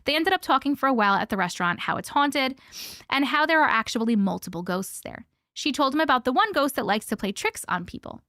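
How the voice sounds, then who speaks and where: A woman hosting a casual live stream, chatting with viewers and reading stories aloud with hushed dramatic pauses. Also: high-pitched, lively intonation, dry recording, studio quality.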